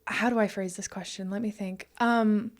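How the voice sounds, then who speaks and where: A woman's voice: mid-range voice, steady tone, moderate pace. A woman, co-hosting a casual podcast, reacting and asking questions. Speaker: podcast co-host.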